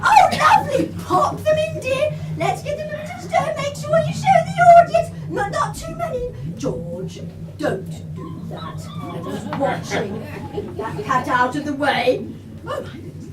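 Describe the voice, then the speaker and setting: A woman plays a motherly witch teacher who fusses and scolds with mock horror, her very high voice leaping about. It is a pantomime caught far from the stage in a reverberant hall. A noisy audience fills the background. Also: huge pitch swings, a little slow, a loud crowd, exaggerated voice. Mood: fussing. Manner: loud, fussing, exclaiming, mock-scolding. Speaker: pantomime performer. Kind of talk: amateur pantomime stage acting. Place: village club hall stage.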